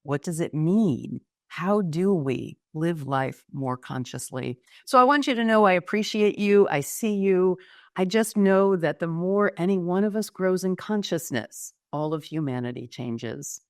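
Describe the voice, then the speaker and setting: Effusive woman podcast host, lower voice. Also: expressive, a little slow, no room sound, clean studio sound. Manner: warm, effusive and enthusiastic. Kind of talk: podcast interview.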